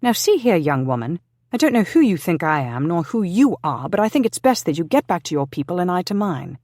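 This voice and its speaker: A man's voice: high voice, sing-song, a little fast, gravelly, a little mellow, no echo, pitched above the performer's own voice, heavily acted. A narrator voicing a stern, sensible nobleman who speaks tightly and scolds, in a dry recording.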